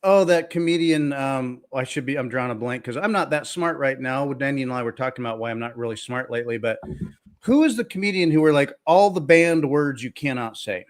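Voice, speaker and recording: Man, casual podcast talk, rambling and hesitant, lots of ums, mid pitch. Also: brisk. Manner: rambling, hesitant, filler-heavy. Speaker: podcast co-host.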